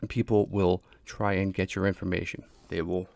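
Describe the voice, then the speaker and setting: A man's voice: deep voice, level tone, moderate pace, gravelly, a little mellow, no echo. A man hosting a casual explainer monologue, speaking plainly, repeating himself and restarting often. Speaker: crypto explainer host.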